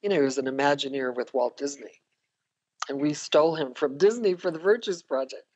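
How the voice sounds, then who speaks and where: A woman's voice: low-pitched, brisk, a little mellow, husky, lo-fi sound. An older woman, a guest on a podcast, telling reflective personal stories and laughing often. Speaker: interview guest, psychotherapist. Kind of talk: conversational storytelling.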